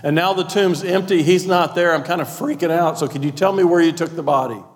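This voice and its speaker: A man's voice: fairly high pitch, a little fast, pitched above the performer's own voice, lightly acted. A preacher putting on the voice of an anxious, pleading woman who finds a tomb empty and is frantic about it. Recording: long hall reverb.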